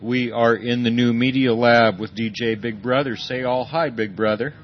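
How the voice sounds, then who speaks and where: A man hosting a radio show with quick, jokey, pun-filled banter. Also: medium pitch, steady tone. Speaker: radio host. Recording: dull lo-fi radio broadcast.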